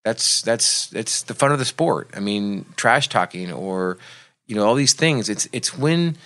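A man's voice: lowish voice, expressive, measured pace, a bit bright. A man who works as a motivational speaker and coach, explaining his ideas in an earnest, reflective way during a casual podcast chat.

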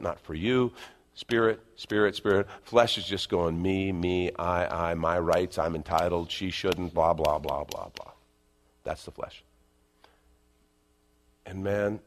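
Low-voiced man preaching a lively sermon. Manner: conversational preaching, swinging from loud emphasis to hushed asides. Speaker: pastor.

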